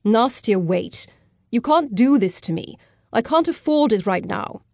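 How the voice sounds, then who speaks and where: A woman's voice: fairly high pitch, animated, unhurried, darkish tone, no echo, clean studio sound. A woman voicing a tall, flustered man who argues angrily and pleads with his partner not to leave. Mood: pleading. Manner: angry, pleading. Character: flustered tall man, English-sounding accent.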